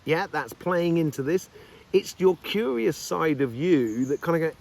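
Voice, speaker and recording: A man's voice: fairly high pitch, expressive, normal speed, creaky, a little hiss or hum. A man giving a casual weekly tarot reading, upbeat and encouraging, rambling along with lots of fillers. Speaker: tarot reader.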